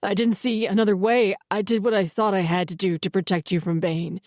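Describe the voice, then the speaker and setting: A man's voice: high voice, flat delivery, fairly quick, no echo, clean studio sound. A woman voicing a desperate male werewolf begging his brother's forgiveness in a shaky, pleading voice.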